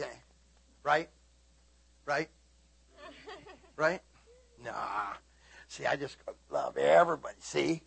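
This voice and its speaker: A middle-aged man preaching a sermon as a pastor. He tells stories with lively energy, breaks into sudden high shouts, and keeps checking in with his listeners. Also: takes it slowly, creaky, long pauses, breathy edge. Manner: animated storytelling, sudden high shouting bursts.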